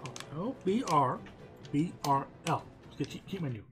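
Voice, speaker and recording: A man co-hosting a casual game playthrough, joking, laughing often and breaking into excited exclamations. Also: fairly high pitch, normal speed, music in the background. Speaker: let's play co-host. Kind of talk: casual gameplay chat.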